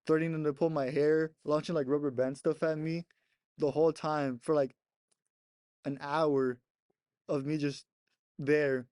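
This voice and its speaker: A man's voice: fairly high pitch, flat delivery, a little slow, long pauses, darkish tone, smooth, dry recording, studio quality. A young man casually telling a rambling story on a podcast, laughing often and swearing between many "like" fillers. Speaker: podcast co-host.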